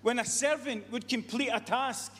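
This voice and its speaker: A man's voice: very high voice, steady tone, normal speed, a bit bright, breathy edge. A man preaching a sermon, earnest and repetitive, often restarting his sentences. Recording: long reverb of a hall.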